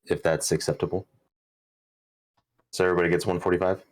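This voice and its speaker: Super deep flat voiced guy, tabletop player, thinks out loud. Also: fairly quick. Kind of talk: casual tabletop game chat.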